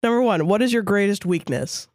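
A woman's voice: mid-range voice, animated, brisk, darkish tone, no echo, clean studio sound. A woman co-hosting a casual podcast, blunt and heavy on swearing as she tells stories. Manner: blunt, swears a lot, storytelling. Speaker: podcast co-host. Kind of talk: casual profane chat.

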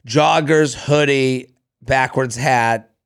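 A man's voice: medium pitch, steady tone, slow, smooth. A man co-hosting a podcast, reading a listener's story aloud in casual chat, playful and laughing often. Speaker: podcast co-host.

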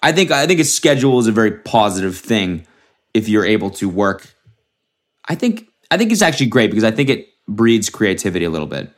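A young man with a fairly low-pitched voice, hosting his own comedy podcast alone. He rambles in a loose, profane way and keeps restarting his sentences as he riffs. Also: very animated, a little fast. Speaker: podcast host. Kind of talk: solo comedic podcast monologue.

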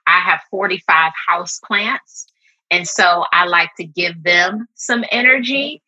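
A low-pitched, husky woman with a sharp, forceful edge to her voice talks earnestly as a podcast guest. Her speech is loose and conversational, full of "like," and the recording sounds dull and lo-fi. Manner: earnest and open, many "like" fillers. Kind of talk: reflective casual conversation.

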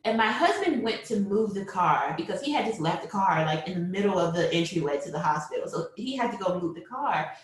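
A young woman telling a personal story, animated, acting out what people said and laughing often. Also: medium pitch, a little fast, few pauses. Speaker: mother telling her birth story. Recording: very echoey room.

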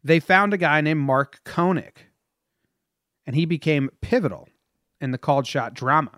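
Male podcast co-host, slightly high voice, dry close mic, story-reading delivery. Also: moderate pace, fairly bright tone, no echo. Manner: reads a prepared story, then chats and laughs with his co-host.

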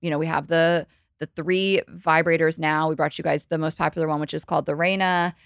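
A woman in her thirties, a company co-founder appearing as a podcast guest, talks casually and animatedly, explaining things fast with lots of "like"s. Her voice is low and creaky, and the sound is clean studio audio with no echo.

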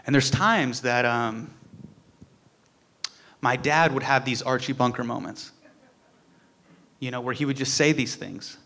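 A man's voice: medium pitch, unhurried, pauses often, bright, forceful tone. A young man giving a heartfelt tribute speech, telling a personal story and acting out the quotes.

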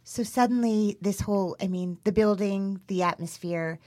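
A woman's voice: medium pitch, moderate pace, mellow. A woman hosting an interview, asking curious, probing follow-up questions. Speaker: host.

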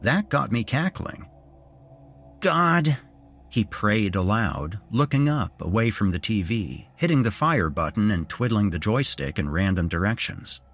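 A man with a husky, somewhat low voice narrates a first-person horror tale. His delivery is expressive, with pitch rising and falling widely through the story. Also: normal speed, few pauses. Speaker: podcast host and narrator.

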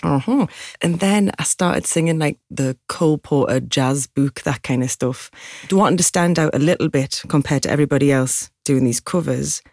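A middle-aged woman from Newcastle with a husky Geordie accent, chatting as a singer-songwriter guest and poking fun at herself. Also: sits low, normal speed, a little mellow, no echo, clean studio sound. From Newcastle, England. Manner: chatty, self-mocking, laughs often. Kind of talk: casual interview chat.

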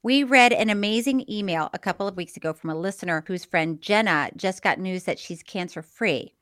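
A woman's voice: mid-range voice, a little fast, fairly bright tone. A middle-aged woman co-hosting a podcast in casual chat, laughing often and reading listener mail aloud. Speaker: podcast co-host.

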